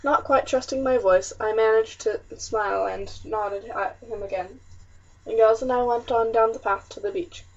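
Brief: higher-voiced woman narrator, measured storybook reading, dull distant sound. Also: fairly even intonation, a little mellow. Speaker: audiobook narrator. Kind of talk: scripted first-person narration of a historical novel. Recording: muffled, slightly distant recording.

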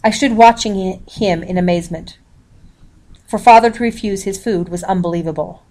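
A woman reads a historical novel aloud in an even, measured way, announcing each page number. Her voice sits at an ordinary middle pitch. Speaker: reader.

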